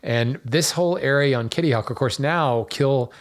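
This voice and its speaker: A man's voice: mid-range voice, normal speed. A man hosting his own podcast, talking casually in a chatty, digressive way with plenty of fillers and wry self-deprecating asides. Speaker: podcast host. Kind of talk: casual solo podcast talk.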